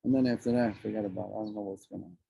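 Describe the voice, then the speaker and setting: A man's voice: lowish voice, steady tone, racing, creaky, slightly rough, no room sound, phone-quality sound. A man in his forties, a guest talking outdoors with blunt, profane passion. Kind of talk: emotional casual conversation. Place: outdoors among trees and birds.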